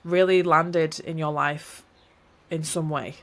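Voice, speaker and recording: Encouraging woman host, slightly low voice. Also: steady tone, takes it slowly. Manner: rambling, encouraging, self-correcting. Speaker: podcast host. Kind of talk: reflective solo podcast talk.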